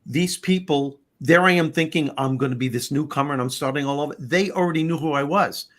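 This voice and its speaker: A middle-aged man, hosting a talk show and telling a personal story in an animated, conversational way. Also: a little high, fairly quick. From Long Island, New York. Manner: animated, conversational, repeats words. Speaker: host.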